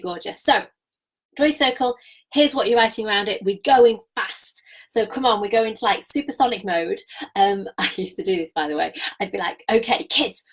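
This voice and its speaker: A woman, giving a live-streamed coaching talk in an energetic, chatty way and laughing often. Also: medium pitch, low-quality recording. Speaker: business coach.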